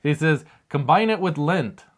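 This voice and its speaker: A man's voice: fairly high pitch, expressive, a little slow. A man co-hosting a casual chat, reading viewer comments in an easygoing way and laughing often.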